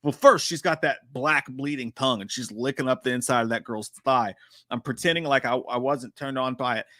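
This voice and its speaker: A man hosting a live stream, chatting casually and profanely about horror trailers with a joking, animated manner. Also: mid-range voice, fairly quick, dry recording, clean studio sound.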